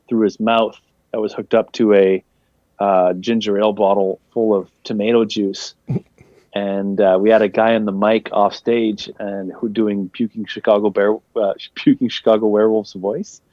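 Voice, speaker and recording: A young male comedian chats in a loose, rambling way. His voice is low and mellow. The recording is dull and lo-fi, with a dry, close sound. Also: level tone, a little slow, dry recording. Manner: rambling, laid-back, lots of "like" fillers. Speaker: guest comedian. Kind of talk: casual interview chat.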